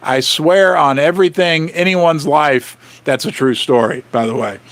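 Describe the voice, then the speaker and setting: Excitable high-voiced male livestream host. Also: measured pace. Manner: excitable, rattles off viewer names and shout-outs. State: losing his voice. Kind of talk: casual livestream chat.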